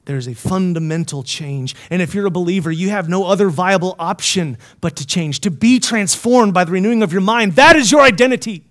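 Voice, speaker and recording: A high-pitched man delivers a sermon to a Bible college chapel. He keeps asking his listeners questions and swings between forceful emphasis and quiet, hushed lines. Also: a little fast, few pauses. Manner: asks the listeners many questions. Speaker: preacher.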